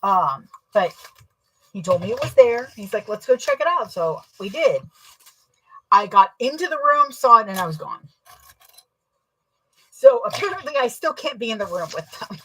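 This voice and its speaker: A young adult woman chatting casually while sewing, telling rambling, self-deprecating stories with a husky voice. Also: mid-range voice, big pitch swings, normal speed, long pauses, bright, forceful tone, low-quality recording. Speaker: sewing vlogger.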